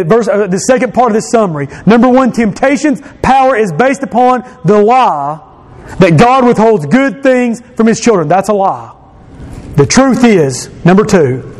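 A man's voice: sits high, darkish tone, poor audio. A man preaching an emphatic sermon as pastor, repeating phrases for stress.

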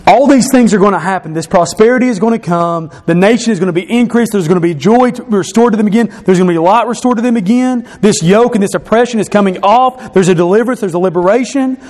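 A man preaching a sermon, explaining scripture verse by verse and repeating key phrases, slowing and dropping his voice for emphasis. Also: high-pitched, a little mellow. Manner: slows and drops his voice for emphasis.

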